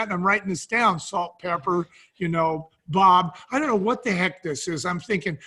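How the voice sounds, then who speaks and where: High, bright-voiced male storyteller. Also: moderate pace, hardly any pauses. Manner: storyteller who acts out quoted dialogue with frequent "he says". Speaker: guest, wine brand cofounder. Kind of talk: animated anecdote telling.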